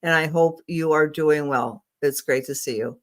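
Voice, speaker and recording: Woman psychic host, middle-aged, lowish voice, rambling, affectionate. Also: moderate pace. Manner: warm, affectionate, rambling with fillers. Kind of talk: live-stream psychic readings.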